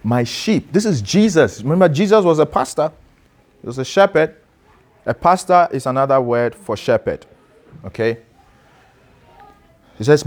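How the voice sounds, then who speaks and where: A man gives a relaxed, interactive sermon. He talks to his listeners as a pastor and teacher would. He asks questions and calls on people by name to read. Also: mid-range voice.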